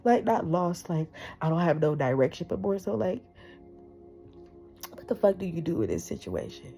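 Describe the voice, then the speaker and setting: Low-voiced, blunt, profane woman vlogger. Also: very animated, moderate pace, dark tone, faint music behind. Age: 30s. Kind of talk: candid personal monologue.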